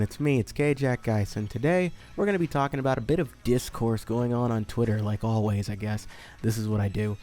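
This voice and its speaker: Sarcastic man with a dark voice. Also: medium pitch, fairly quick, soft background music. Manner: sarcastic, deadpan asides. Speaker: YouTube commentator. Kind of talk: commentary video.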